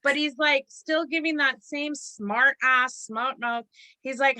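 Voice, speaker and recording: A woman medium with a high, bright voice delivers a live reading in a blunt, lecturing way. She swears casually and sounds dry and close to the mic. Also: slow pace, no echo, poor audio.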